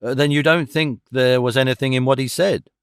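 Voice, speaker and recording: A man's voice: mid-range voice, steady tone, fairly quick, smooth, dry recording, studio quality, lightly acted. A man voicing a frightened, tearful middle-aged landlady who speaks in a timid, pleading way.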